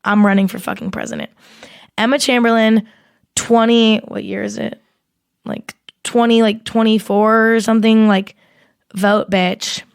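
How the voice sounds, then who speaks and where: A young woman rambles through her podcast with a slightly high voice, swearing freely and stretching her reactions in an animated way. She talks close to the mic in a dry, dead room with no echo. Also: unhurried, gravelly, smooth. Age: young adult. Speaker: podcast host. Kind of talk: casual solo podcast chat.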